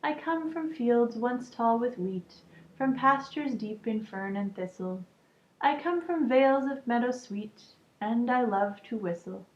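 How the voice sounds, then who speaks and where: A woman voicing a soft, musical little bird. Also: a little high, animated, measured pace. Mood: polite. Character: gentle, polite little hen bird. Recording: echoey room, muffled lo-fi sound.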